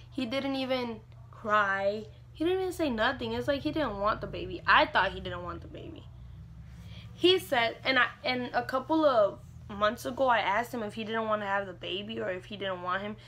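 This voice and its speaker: A woman's voice: fairly high pitch, moderate pace, a bit bright, slight background noise. A young woman vlogger casually telling a personal story, chatty and leaning on "like" a lot. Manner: chatty, fills with "like" often.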